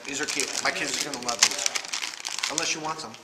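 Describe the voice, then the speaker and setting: A man's voice: medium pitch, fast. A man hosting a casual unboxing video, talking in a chatty, rambling way with playful asides. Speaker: video host unboxing miniatures. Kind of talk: casual chat. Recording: echoey room with heavy noise.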